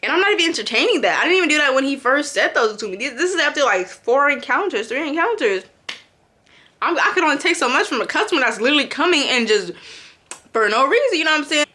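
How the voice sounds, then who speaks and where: A young woman casually telling a story from her job, acting out her own lines with sudden jumps in pitch. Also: quick pace, slight background noise. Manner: animated, acts out quotes with big pitch jumps. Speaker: vlogger.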